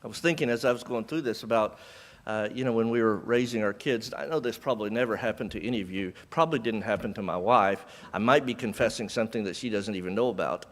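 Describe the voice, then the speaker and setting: A man's voice: on the low side, quick pace, long reverb tail. A middle-aged man preaching a sermon in an earnest, conversational way, often restarting his phrases.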